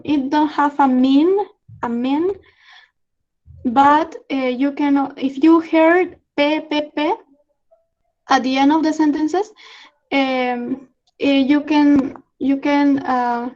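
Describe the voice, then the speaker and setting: A young Peruvian woman with a Spanish accent, teaching slang in an online lesson, halting with many fillers and frequent laughs. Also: high-pitched, a little mellow, highs cut off. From Peru. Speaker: student exchange presenter. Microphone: video call.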